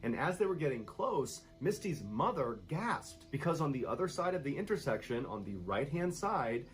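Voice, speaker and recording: Male narrator for spooky story reads, expressive and animated pitch, steady suspense. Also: normal speed, soft background music, rough recording. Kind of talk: scripted scary story narration.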